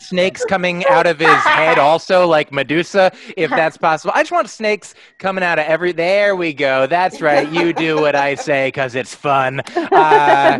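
Fast, rambling male stand-up comedian. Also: a little high. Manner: fast, rambling, self-amused delivery. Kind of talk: live stand-up set over a livestream. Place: performing at home for an online show.

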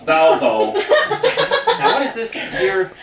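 A man's voice: high-pitched, slow. A man reading a comic tribute story aloud at a family party, playful and often prompting the listeners to join in. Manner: lively, playful, breaks off to prompt the audience. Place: living room of a family home. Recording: roomy, distant, noisy home recording.

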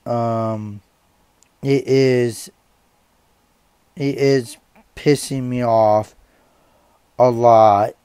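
A man's voice: medium pitch, mellow, clean tone, no room sound. An angry young man ranting to the camera as a vlogger. He swears often, stops mid-sentence and repeats himself. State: angry and upset.

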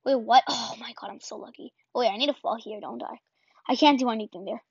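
A woman giving casual gameplay commentary as a channel host, excitable and self-deprecating, yelping and repeating words in bursts. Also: fairly high pitch, fast talker, husky, no echo. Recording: dull lo-fi home recording.

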